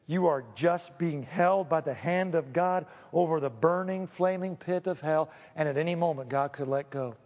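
High-voiced preacher in a reverberant hall. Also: male voice. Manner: lively, shifts from joking to solemn pleading. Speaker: pastor. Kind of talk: sermon.

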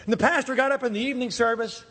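A middle-aged male pastor preaching a sermon, telling personal stories in an animated way. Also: racing. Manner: animated storytelling with shifts in pitch. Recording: long hall reverb.

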